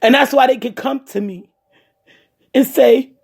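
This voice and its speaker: Speaking straight to her viewers, a woman gives a heartfelt personal talk and repeats her points with emphasis. Her voice is high and slightly rough with vocal fry, and she talks a little slowly.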